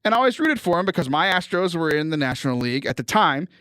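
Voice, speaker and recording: A man from Houston, hosting a podcast and chatting casually with animated storytelling and frequent laughter. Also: a little high, fast talker, smooth, no room sound, clean studio sound. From Houston, Texas. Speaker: podcast host. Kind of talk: casual chat.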